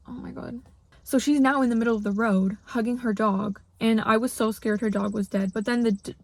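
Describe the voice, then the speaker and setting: A young woman from Canada tells a story straight to camera in a fairly high voice. She sounds upset and rambles, filling her talk with "like" as she goes. The delivery is casual and unscripted. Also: dry recording. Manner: upset, rambling, heavy use of "like". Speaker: vlogger.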